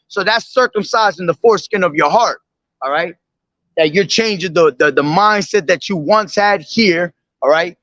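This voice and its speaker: A man with a high, bright, ringing voice preaches from scripture. He reads each verse slowly, then breaks it down, asking "okay?" and "all right?" again and again. The sound is dry and close, with no room around it. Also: no room sound. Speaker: street preacher. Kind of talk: street preaching, reading and explaining scripture.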